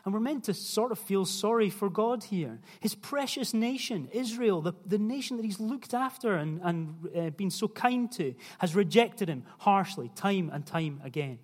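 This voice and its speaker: A man's voice: high-pitched, expressive, moderate pace, few pauses, a little mellow. A young man preaching a sermon in a conversational way, putting questions to the listeners. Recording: long hall reverb.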